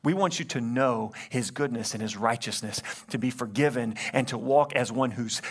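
A man's voice: medium pitch, moderate pace, few pauses, husky. Impassioned male pastor preaching. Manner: impassioned, rising to loud climaxes then hushed. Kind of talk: sermon with altar call. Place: church sanctuary, livestreamed.

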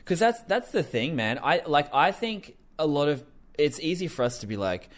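Animated man in casual commentary. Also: fairly high pitch, normal speed. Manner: animated, swearing, laughing often. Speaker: podcast host.

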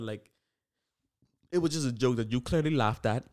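A man hosting a casual solo podcast, rambling and animated with lots of fillers, hyping things up. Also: a little high, fast talker. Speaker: podcast host.

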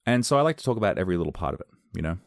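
A man's voice: low voice, very animated, racing, vocal fry, no room sound, studio quality. A man reviewing films on his own podcast, talking casually, enthusiastically and in a rambling way.

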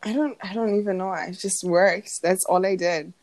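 A woman's voice: medium pitch, fairly even intonation, moderate pace, a little mellow, dry recording. A young woman co-hosting a podcast in casual chat, rambling and laughing, with a sleepy morning voice. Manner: chatty, rambling, laughs often. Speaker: podcast co-host.

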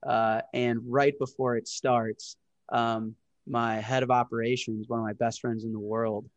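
A man in his twenties, a podcast guest, telling stories in a casual interview with lively acted-out quotes and frequent swearing. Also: medium pitch, unhurried, no echo, highs cut off. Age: 20s. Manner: animated, profane, storytelling with acted-out quotes. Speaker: podcast guest, startup founder.

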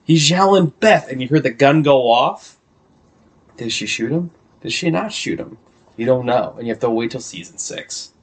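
Excitable man pitching scene ideas. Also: normal speed, husky. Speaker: podcast co-host. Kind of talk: casual chat recapping a TV episode.

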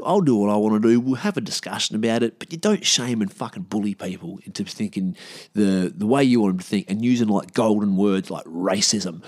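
Heated, swearing Australian man. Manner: profane, heated and blunt, with sudden rises in pitch and loudness. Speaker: podcast host. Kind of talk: casual ranting podcast monologue.

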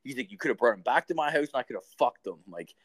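A man's voice: mid-range voice, expressive, racing, fairly bright tone. A man telling a crude story in casual chat, rambling and swearing, full of "like" and "dude". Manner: profane, rambling, lots of "like" and "dude". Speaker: podcast co-host.

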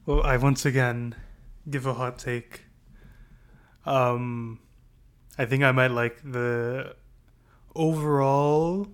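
A man co-hosting a casual movie discussion, talking in a laid-back, halting way and offering contrary opinions. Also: mid-range voice, fairly even intonation, clean tone. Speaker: podcast co-host.

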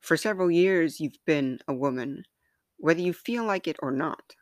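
A woman's voice: low voice, expressive, moderate pace, dry recording, clean studio sound. A woman voicing the Body as a patient grown woman who firmly coaxes the others to cross into womanhood. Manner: firm, coaxing, reassuring.

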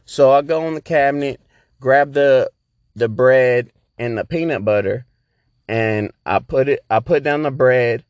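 A man's voice: medium pitch, a little slow, smooth, no room sound. Chill guy rambling thru a story on a podcast, swears a lot, dry close sound. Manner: laid-back, profane, rambling. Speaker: podcast host. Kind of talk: casual storytelling.

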